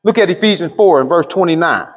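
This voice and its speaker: Husky-voiced man preaching to a church hall. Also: a little high, expressive. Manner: call-and-response questions to the room; drawls key words slowly. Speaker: pastor. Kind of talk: midweek Bible study teaching. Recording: long hall reverb.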